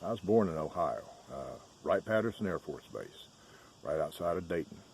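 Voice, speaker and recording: A man's voice: low-pitched, sing-song, moderate pace, vocal fry, darkish tone, a little hiss or hum. A middle-aged man with a Southern Georgia accent, casually telling stories in a chatty, folksy way on his farm. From Southern United States. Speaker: farm vlogger. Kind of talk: casual storytelling chat. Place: outdoors on a rural farm.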